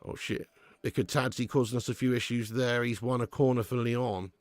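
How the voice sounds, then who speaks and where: A man's voice: mid-range voice, steady tone, normal speed, no room sound, studio quality. A man hosting a live football watch-along, chatting and bantering with viewers. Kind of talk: live casual match commentary and chat.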